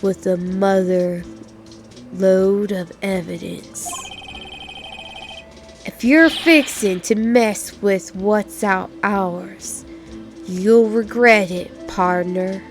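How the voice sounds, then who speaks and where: A woman voicing a swaggering cowboy-style male detective, reading game dialogue aloud in a put-on Southern drawl, slow and folksy. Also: medium pitch, music in the background. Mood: warning.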